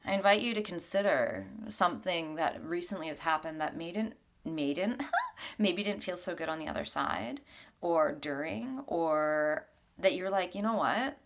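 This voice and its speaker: A woman with a low voice and a gravelly creak talks through a weekly tarot reading at her home altar. She keeps it gentle and chatty, breaking into easy laughter. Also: lively intonation, moderate pace. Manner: gentle, conversational, laughs often. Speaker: spiritual mentor.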